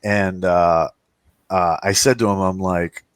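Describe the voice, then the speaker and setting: A man with a very low voice chats casually as a co-host, wandering through anecdotes with plenty of restarts. The sound is close and dry, with no room around it. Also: fairly even intonation, takes it slowly, clear, resonant tone, no echo. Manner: rambling storyteller, acts out quoted voices. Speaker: podcast co-host. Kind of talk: casual roundtable chat.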